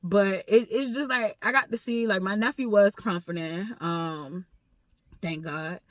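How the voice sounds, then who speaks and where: A woman's voice: medium pitch, unhurried, no echo. A woman talks straight into her vlog with grief close to the surface, cursing freely and circling back to the same phrases. Her voice sits in a middle register. The sound is dry and close, with no room around it. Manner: raw, profane, repeats herself for emphasis. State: emotional, grieving. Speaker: vlogger. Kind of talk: personal storytime vlog.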